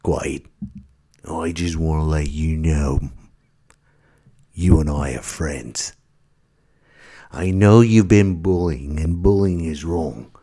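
A man doing an impression of an adult male movie star, speaking slowly and sincerely. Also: extremely low pitch, mellow, pitched below the performer's own voice, exaggerated voice. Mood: earnest.

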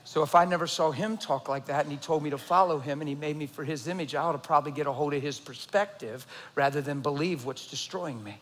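A middle-aged man preaching a sermon, swinging between loud emphasis and a low, intense near-whisper. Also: quick pace, few pauses. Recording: long hall reverb.

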